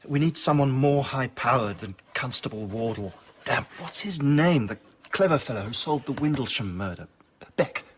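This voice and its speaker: An actor playing an anxious gentleman of the manor in a radio drama, agitated and worried. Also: mid-range voice, expressive, moderate pace, slight background noise, lightly acted.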